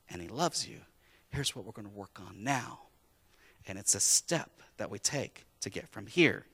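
Forceful male pastor preaching. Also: on the low side, long reverb tail. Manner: emphatic, repeats key phrases. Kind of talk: sermon. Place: church.

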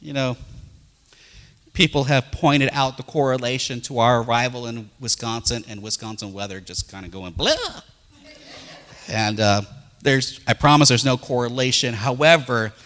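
Middle-aged preacher in a reverberant hall. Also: male voice, mid-range voice, normal speed. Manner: storytelling, animated, folksy. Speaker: pastor. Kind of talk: sermon with personal stories.

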